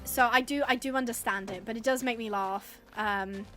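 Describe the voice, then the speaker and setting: English woman streaming games, high voice, rambly chatty vibe, little bit of music behind. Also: moderate pace, pushed and bright. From England. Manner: chatty and rambling, laughs often, reads chat aloud. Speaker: live-streaming gamer. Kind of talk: casual live-stream chat while gaming.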